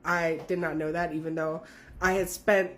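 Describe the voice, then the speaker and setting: A woman in her twenties from California, telling a story in an animated, profane way. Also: deep voice, moderate pace, a little hiss or hum. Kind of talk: casual storytime.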